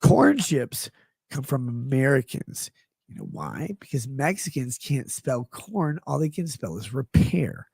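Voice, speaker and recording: A male streamer rambles through chat messages with profane, offhand jokes. His voice is gravelly and husky. It sits a little high and sounds dry and close to the mic. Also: huge pitch swings, measured pace, a little mellow, no room sound. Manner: reads chat messages aloud. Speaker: livestream host reading chat.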